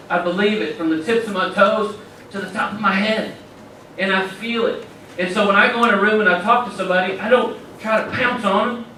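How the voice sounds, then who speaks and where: A keynote speaker gives an enthusiastic motivational talk in a large conference hall, preaching and telling stories in a high, bright, forceful male voice. The recording is distant and echoey, with slight background noise.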